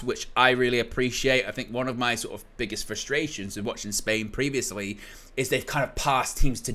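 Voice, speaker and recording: A man's voice: medium pitch, pushed and bright. A young man hosting a football watchalong stream, chatting casually and reading out viewer comments with a joking manner. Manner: chatty, jokey, reads chat comments aloud. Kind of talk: casual live-stream chat.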